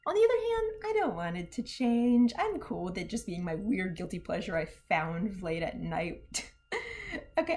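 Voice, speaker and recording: Reviewing a cartoon series, a young woman with a voice that sits high keeps things chatty and lively, frequently breaking into laughter and quick impressions of the characters.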